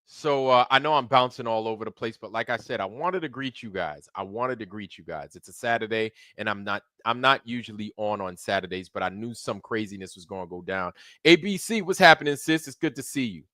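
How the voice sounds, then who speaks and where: A man hosting a livestream in loose, slangy casual chat, shouting out viewers by name. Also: lowish voice, expressive, fairly quick, no echo, studio quality. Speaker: livestream host.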